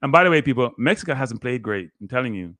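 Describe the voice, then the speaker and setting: A man, a guest analyst giving excitable live play-by-play commentary on a match he is watching. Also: mid-range voice, quick pace, no room sound. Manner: excitable, play-by-play that bursts into shouting.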